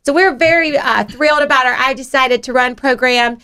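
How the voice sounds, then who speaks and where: A woman's voice: sits high, fairly quick, sharp tone, clear, resonant tone. A woman hosting an interview show, chatty and upbeat, with frequent fillers and restarts. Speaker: host.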